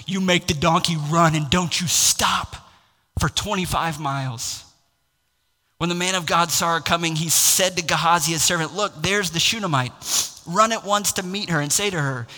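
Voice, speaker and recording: A man's voice: fairly high pitch, pushed and bright. A man preaching a sermon as pastor, impassioned and building to raised exclamations. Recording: long hall reverb.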